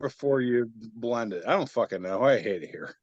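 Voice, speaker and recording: A man's voice: mid-range voice, expressive, normal speed, no echo. Laid-back, swearing man on a muffled podcast. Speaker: podcast host. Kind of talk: casual chat reading memes aloud.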